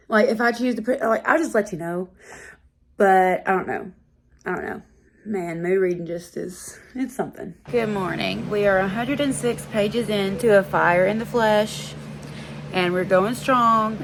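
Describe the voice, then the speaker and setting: A woman's voice: mid-range voice, no room sound. A young woman, chatting casually through reading updates with lots of fillers. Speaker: book vlogger.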